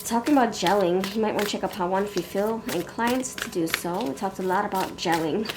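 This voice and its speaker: A woman's voice: medium pitch, fairly quick, background noise. A woman giving a casual tarot reading, who keeps breaking into laughs, coughs and sniffles as she talks. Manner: giggly, coughing and laughing between sentences. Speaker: tarot reader.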